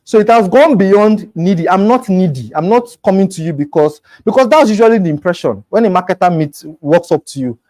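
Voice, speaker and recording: A man coaching realtors in a relaxed, conversational way, acting out quoted lines as he talks. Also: high-pitched, a little fast, hardly any pauses, no room sound, poor audio. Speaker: real estate sales coach. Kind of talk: informal coaching talk.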